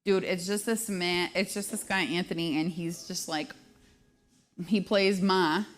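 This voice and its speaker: A woman's voice: on the low side, fairly even intonation, measured pace. Female host, 30s, casual live-stream chat, self-deprecating humor. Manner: self-deprecating, joking, laughs often.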